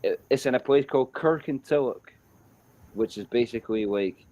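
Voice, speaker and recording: A man with a Scottish accent telling a story in a casual chat, animated and repetitive and swearing freely. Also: mid-range voice, moderate pace, no echo, low-quality recording.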